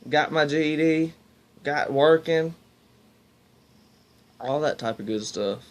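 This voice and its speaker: A young male vlogger tells rambling stories casually to camera, restarting often and addressing viewers as "y'all." His voice is on the high side and slow.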